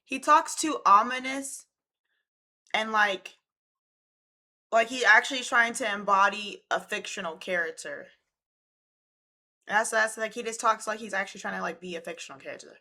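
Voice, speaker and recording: A woman's voice: mid-range voice, normal speed, pauses often, bright, forceful tone. A young woman giving casual, slangy reaction commentary as she talks back to a clip. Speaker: reaction video host.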